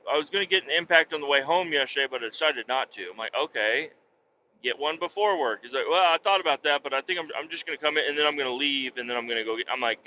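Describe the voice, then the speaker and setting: A man co-hosting a podcast, telling a work story in a profane, animated, casual way. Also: lo-fi sound, a little hiss or hum. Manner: profane, animated, puts on a sweet high voice for quoted niceness. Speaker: podcast co-host.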